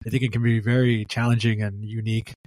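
A man hosting a casual podcast chat, easygoing and quick to laugh, asking loose, rambling questions. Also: on the low side, flat delivery, a little mellow, dry recording. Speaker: podcast host.

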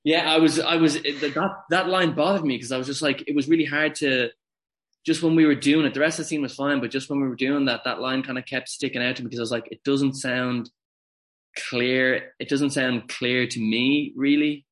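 A man speaks as a podcast guest about his acting. His pitch sits in the middle range. He talks haltingly and often backs up mid-sentence. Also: steady tone, a bit bright. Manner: halting, restarts often, self-deprecating. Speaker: actor guest. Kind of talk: casual podcast interview.

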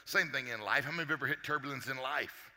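Man, success coach, very bright tone, long hall reverb, lively joking delivery. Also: medium pitch, fast. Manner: energetic, joking, quizzes the crowd. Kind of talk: motivational talk to a live audience. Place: large hall with a live audience.

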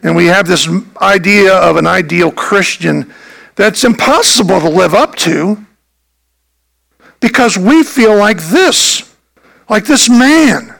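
Gravelly-voiced man preaching slowly. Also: high-pitched, animated, a bit bright, poor audio. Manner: earnest, emphatic preaching with restarts. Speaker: pastor. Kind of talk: sermon.

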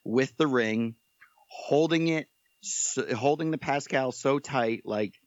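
A man of middling pitch tells a story in a casual, joking, animated way. The sound is dry and a bit dull. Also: slow pace, no echo. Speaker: podcast guest.

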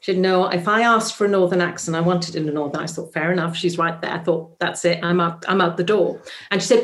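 A woman's voice: on the low side, quick pace, few pauses. A Welsh woman, a musical theatre actress, telling a story in a chatty interview full of ums. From Wales. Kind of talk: casual interview anecdote.

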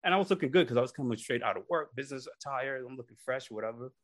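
A young man tells a story in a relaxed, chatty way. His voice sits in a middle pitch. He gets animated and puts on little voices for the people in his tale. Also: racing. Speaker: podcast co-host. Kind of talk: casual storytelling.

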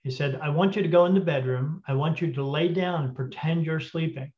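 A man's voice: fairly high pitch, brisk. Storytelling man, dull lo-fi audio. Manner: animated retelling with quoted dialogue; frequent throat clearing. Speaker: guest spirit medium. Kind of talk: casual storytelling.

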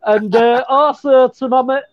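A man's voice: very high voice, fairly even intonation, unhurried, dull audio, a crowd in the background. A British man on a casual sports podcast, cheerful and chatty, calling people mate. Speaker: podcast contributor.

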